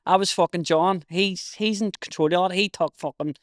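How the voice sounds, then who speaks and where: West Belfast man, fairly high voice. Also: normal speed, no room sound. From Northern Ireland. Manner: blunt, swears a lot, says "mate" often. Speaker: podcast guest. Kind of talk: casual chat.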